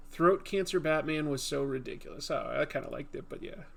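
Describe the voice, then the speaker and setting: A man's voice: fairly high pitch, brisk, creaky, few pauses, a bit bright. A man hosting a comics video, chatting casually and self-mockingly while drawing. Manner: self-mocking, chuckling between attempts.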